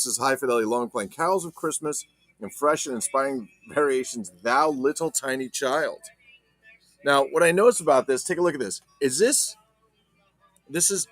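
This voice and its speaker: A man's voice: a little high, fairly bright tone, dry recording. A man hosting a casual collector vlog, chatting about his finds in a profane, enthusiastic, rambling way. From not Ireland. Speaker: collector vlogger. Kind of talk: casual unboxing chat.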